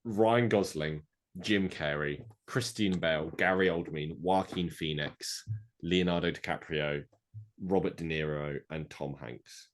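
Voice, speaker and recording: A man's voice: a bass voice, a little slow. A man co-hosting a casual podcast, dryly reading out and ranking lists of actors. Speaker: podcast co-host. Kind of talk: casual chat.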